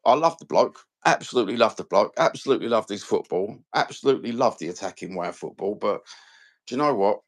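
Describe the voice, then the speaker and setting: Cockney man, lowish voice, dry close sound, rambling fan-channel host. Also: fast, dry recording. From London. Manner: animated, swearing, rambling slang-filled rant. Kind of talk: casual live-stream chat.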